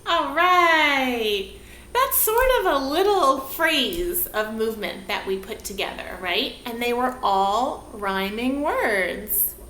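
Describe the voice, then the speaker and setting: A woman teaching a movement lesson for young children, prompting them with slow, sing-song questions, recorded on a camera mic across a room. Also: a little high, sing-song, pushed and bright. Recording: echoey room, faint background hiss.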